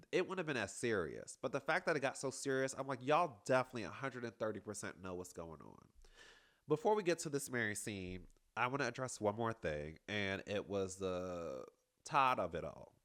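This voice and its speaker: A man hosting a casual reality TV recap, sassy and animated, calling everyone girl and tossing in playful digs. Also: mid-range voice.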